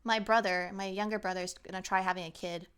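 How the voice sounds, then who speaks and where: A woman's voice: medium pitch, fairly even intonation, quick pace, a bit bright, clean tone. A woman from Canada, a streamer ranting sarcastically in a casual chat stream from home.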